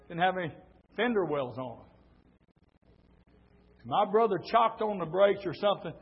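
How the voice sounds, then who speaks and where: On a dull, lo-fi church recording, a middle-aged preacher tells stories in his sermon and swells into shouted preaching. He has a high, slightly rough voice.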